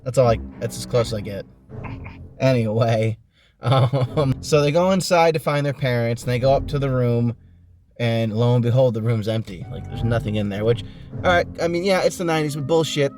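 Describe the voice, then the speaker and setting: A man's voice: medium pitch, a little fast. A man hosting a podcast in a middle-range voice, rambling through a book recap with sarcastic jokes and plenty of swearing. Music plays behind him. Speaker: podcast host. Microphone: online voice call.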